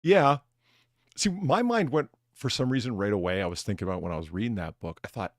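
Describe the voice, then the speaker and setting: A man's voice: lowish voice, a little fast, no room sound, studio quality. A man hosting a casual chat, telling stories with lots of laughter and acting out bits of dialogue, swearing casually. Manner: animated storyteller, laughs often, acts out lines. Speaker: podcast host, bartender persona.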